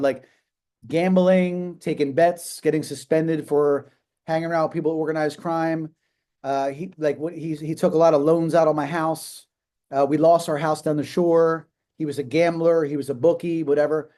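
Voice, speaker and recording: A man in his fifties hosts a live video call and talks off the cuff, emphatic and rambling, full of restarts and fillers. His voice sits a little high but sounds dark and mellow. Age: 50s. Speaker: host of a live business call. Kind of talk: casual motivational talk.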